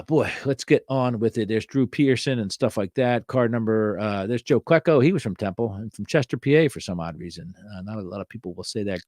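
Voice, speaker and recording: A man's voice: on the low side, a little mellow, no echo, clean studio sound. A middle-aged man hosting a sports card show, reviewing old cards in a casual, wry way with many fillers and joking asides.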